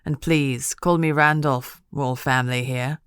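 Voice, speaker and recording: A woman's voice: rumbling low, steady tone, unhurried, clean tone, no room sound, studio quality. A woman narrator voicing a genial older lord, jovial and welcoming. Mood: hearty. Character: genial older Scottish laird, hearty host.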